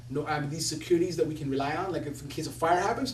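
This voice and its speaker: A man's voice: on the high side, fast talker, few pauses. A young man who is a poet laureate, telling stories animatedly and laughing as he quotes other people. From Somalia. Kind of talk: storytelling talk. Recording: echoey room from a distance with faint hum.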